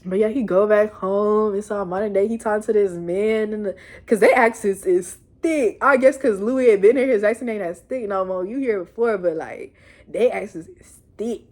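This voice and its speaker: A young woman giving a casual, animated recap of a TV episode, laughing and cursing as she tells it. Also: medium pitch, moderate pace. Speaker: show reviewer. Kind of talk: casual chat video review.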